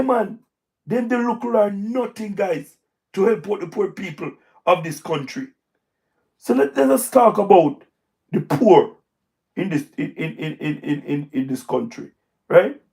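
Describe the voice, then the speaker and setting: A man with a Jamaican accent giving emphatic, repetitive political commentary on a livestream, his voice going hoarse. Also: sits high, unhurried, long pauses, a little mellow. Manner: repetitive, emphatic, speaks in patois. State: hoarse, voice wearing out. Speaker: livestream host. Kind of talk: live-stream political commentary.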